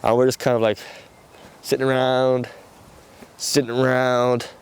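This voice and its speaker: A young Irish man telling a story casually, animated and swearing as he acts out what people said. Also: mid-range voice, unhurried, smooth. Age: young adult. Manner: animated, swearing, acting out quotes.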